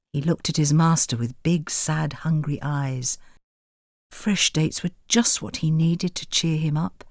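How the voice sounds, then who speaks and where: A man reading a children's storybook aloud in a gentle, expressive manner. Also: a little high, vocal fry, dry recording, studio quality. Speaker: narrator. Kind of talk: storybook narration.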